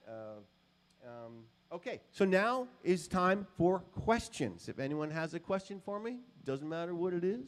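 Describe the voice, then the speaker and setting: A man's voice: a little high, darkish tone. Male guitarist at a store clinic: casual storyteller, full of "um" and "you know.". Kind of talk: storytelling talk to a live audience.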